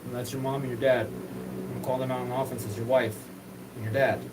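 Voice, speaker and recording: A man's voice: mid-range voice, flat delivery, a little fast, recorded from a distance, background noise. A man hosting his own show, talking in a rambling, repetitive, profane solo monologue. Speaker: show host.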